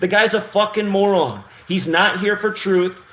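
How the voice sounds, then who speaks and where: A man's voice: high voice, normal speed, a bit bright, roomy sound, poor audio. A man hosting a call-in show, blunt and insulting toward a caller. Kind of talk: heated call-in show talk.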